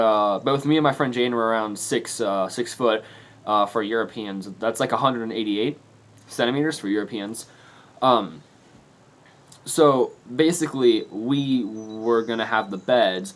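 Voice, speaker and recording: A young man telling a story to his camera in a rambling, casual way, laughing and swearing often. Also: on the low side. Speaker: vlogger. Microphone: camera mic.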